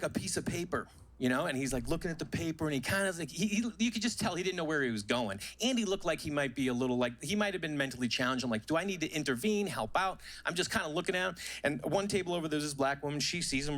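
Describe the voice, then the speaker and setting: A man's voice: fairly high pitch, lively intonation, quick pace, a bit bright. A male stand-up comedian telling stories on a club stage in a conversational, self-mocking way, into a handheld mic.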